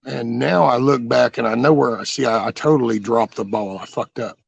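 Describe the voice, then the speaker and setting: Gravelly, raspy middle-aged man rambling. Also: medium pitch, fairly even intonation, normal speed, no echo, dull audio. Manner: rambling, blunt and profane, with many restarts. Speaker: channel host telling his life story. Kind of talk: casual storytelling.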